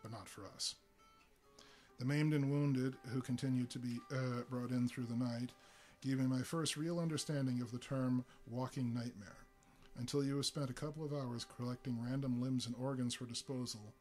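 Halting man reading a story aloud. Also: mid-range voice. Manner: halting, stumbling, with many fillers. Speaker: reader. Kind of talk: live reading of a novel.

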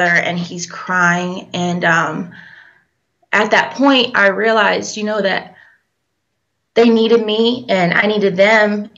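A young woman, a guest in an interview, telling a personal story in a halting, hesitant way with many fillers. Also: medium pitch, fairly bright tone. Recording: dull lo-fi recording.

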